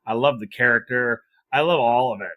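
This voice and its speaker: A man's voice: mid-range voice, brisk, phone-quality sound. A man co-hosting a wrestling podcast in casual chat, talking freely with frequent laughs and restarts. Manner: chatty, laughs often, repeats himself. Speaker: podcast co-host.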